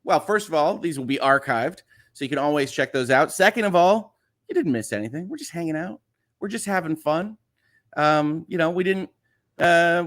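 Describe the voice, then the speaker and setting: A man's voice: medium pitch, fairly bright tone. A man with a slightly nasal Chicago accent, hosting a casual livestream, reading viewer messages aloud and rambling along with lots of "uh" fillers and restarts. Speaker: livestream host.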